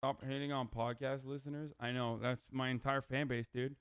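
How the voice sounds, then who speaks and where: A man's voice: mid-range voice, flat delivery, normal speed, fairly bright tone, smooth, no room sound. A man livestreaming casual reaction commentary, talking in a profane, ranting, argumentative way on a close microphone.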